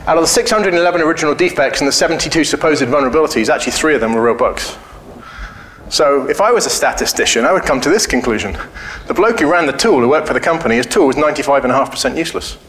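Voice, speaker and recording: A man's voice: fairly high pitch, expressive, rapid-fire, a bit bright, slight background noise. Blunt, joking man giving a talk. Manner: informal, joking, blunt and profane. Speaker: conference speaker. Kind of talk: casual conference talk. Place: conference hall. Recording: echoey hall with faint ambience.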